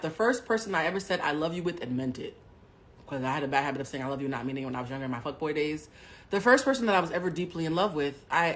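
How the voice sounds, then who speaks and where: A woman with a slightly low-pitched voice tells a personal story to her live-stream audience. She swears freely and talks straight to the chat. Her delivery swings between hushed, confiding asides and loud outbursts.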